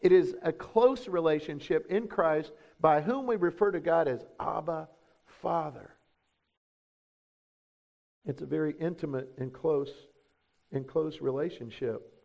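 A man's voice: fairly high pitch, a little slow, creaky, pauses often, a little mellow. A man, preaching a sermon as pastor, emphatic and full of rhetorical questions.

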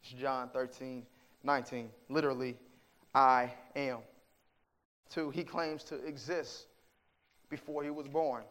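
A man preaching a sermon, with emphatic delivery that swings from hushed to forceful, asking rhetorical questions and quoting scripture. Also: medium pitch, steady tone, a little slow, long pauses.

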